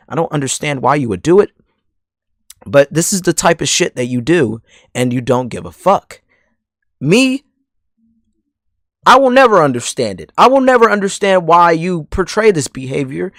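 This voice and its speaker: A man's voice: a little high, no echo, studio quality. A man delivering a heated, profane call-out rant straight at someone, hammering the same points over and over. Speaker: commentary channel host.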